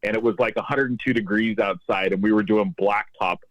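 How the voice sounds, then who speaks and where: A man's voice: lowish voice, fairly even intonation, brisk, dry recording. A man, a podcast guest, telling a reflective personal story in casual conversation. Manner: reflective, quotes voices in anecdotes. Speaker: podcast guest, tax advisor. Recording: dull lo-fi dry sound.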